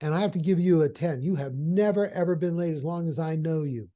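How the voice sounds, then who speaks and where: Chatty, apologetic male office boss in a mellow, slightly high voice, giving a review, put on by a male storyteller. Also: brisk, natural voice. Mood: coaxing. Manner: chatty, apologetic, softening bad news.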